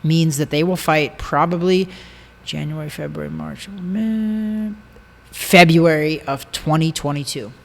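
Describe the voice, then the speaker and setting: Man, boxing podcast co-host, casual and talkative, slightly high voice, echoey room. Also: little pitch movement, moderate pace, gravelly. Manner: chatty, explains at length. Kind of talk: casual chat.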